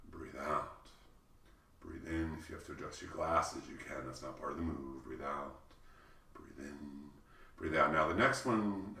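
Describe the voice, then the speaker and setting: A man teaching qigong, calmly cueing each breath and movement, with playful joking asides. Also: rumbling low. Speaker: qigong instructor. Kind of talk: guided movement instruction. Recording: echoey room, voice from a distance.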